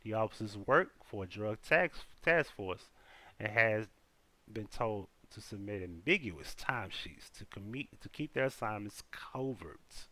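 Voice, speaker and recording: A man's voice: fairly low pitch, lively intonation, unhurried, bright, forceful tone. A man hosting a live stream, reading out news and talking loosely to his chat, often repeating himself. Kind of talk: casual news commentary.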